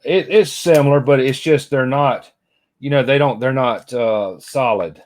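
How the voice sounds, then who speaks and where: A man's voice: mid-range voice, measured pace. A middle-aged man, chatting casually and rambling to viewers by name as he unboxes toys. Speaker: vlogger. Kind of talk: casual chat while unboxing.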